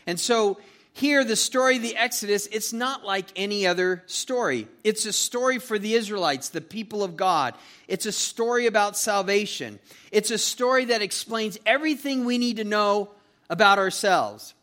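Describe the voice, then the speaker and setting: A man preaching a casual, animated sermon, reading scripture and retelling the story with frequent restarts. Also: high voice, moderate pace. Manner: conversational, animated, with repeated restarts. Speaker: pastor. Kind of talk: expository Bible sermon.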